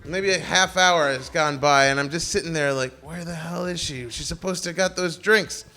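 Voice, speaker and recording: A man's voice: on the high side, moderate pace, pushed and bright. A man telling a rambling, self-mocking comic story on stage before a live audience.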